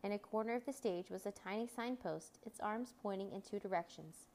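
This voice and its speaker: A woman's voice: medium pitch, fairly quick. Woman reading a children's storybook aloud. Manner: expressive, lifts her voice for cheering crowds. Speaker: storybook narrator.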